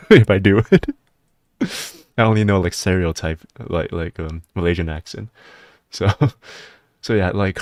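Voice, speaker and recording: Male streamer, very low voice, loose rambling chat, close dry mic. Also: no echo. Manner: excitable, rambling, breaks into laughter and high-pitched disbelief. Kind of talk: casual live-stream chat.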